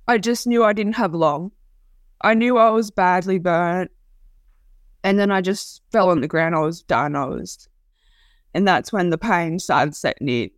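Woman, middle pitch, raw and halting personal account, dry close mic. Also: smooth, no room sound. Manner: halting, raw, repeats herself. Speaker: interviewee telling her story. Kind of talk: personal testimony.

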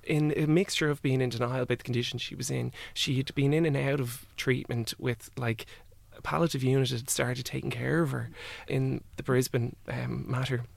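A young man, a guest telling a personal story in a halting way full of "like" and "I was like". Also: mid-range voice, level tone, vocal fry. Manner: halting, with many "like" and "I was like" quotes.

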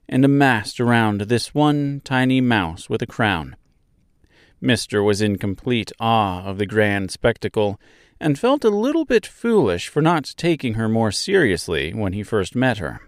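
A man narrating a chapter of a novel in a measured, expressive reading. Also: fairly low pitch, dry recording, studio quality. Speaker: audiobook narrator. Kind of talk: storybook narration.

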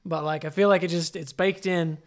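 A man's voice: fairly high pitch, steady tone, a little fast. A man co-hosting a podcast, musing and rambling in casual chat. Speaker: podcast co-host.

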